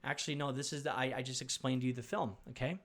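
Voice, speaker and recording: A man's voice: medium pitch, steady tone, fast, fairly bright tone. A man commenting on video clips, preachy and stumbling, repeating words as he lectures viewers.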